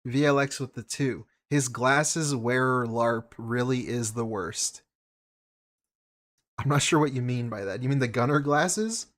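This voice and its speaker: A man's voice: medium pitch, a little slow, a bit bright. A man hosting a reaction stream, delivering heated, profane and mocking commentary on a clip.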